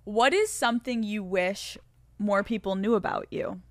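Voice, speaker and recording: A woman hosts a casual interview and gushes with enthusiasm. Her voice sits at a medium pitch. It is recorded dry, with no room sound. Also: normal speed, no room sound. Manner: gushing, enthusiastic. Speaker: interview host.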